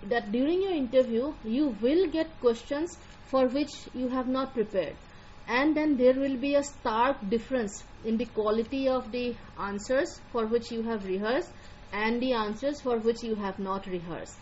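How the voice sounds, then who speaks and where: A woman's voice: a little high, normal speed, a little mellow, muffled recording, a little hiss or hum. Indian woman giving firm coaching advice. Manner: directive, repeats key points. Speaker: admissions counselor. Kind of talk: live online lecture.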